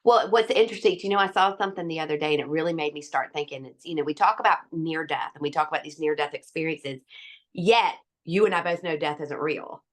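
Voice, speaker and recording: A woman doctor appears as a guest in a conversational interview, candid and emphatic and quick to laugh. Her voice sits low and her pace is quick.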